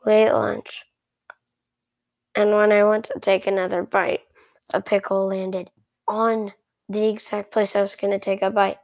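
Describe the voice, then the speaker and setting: A woman's voice: medium pitch, gravelly, a little mellow, dry recording. A woman narrating a story in the first person, chatty and rambling, with sarcastic asides.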